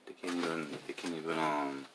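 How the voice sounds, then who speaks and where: A tipsy man rambling in a casual monologue, halting and repeating his words, swinging between loud bursts and mumbles. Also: rumbling low, steady tone, a little hiss or hum. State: tipsy after drinking.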